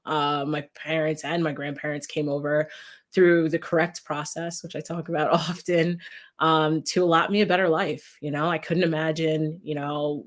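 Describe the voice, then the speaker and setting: A young woman from New York, a guest giving earnest, measured interview answers. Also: low voice. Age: young adult.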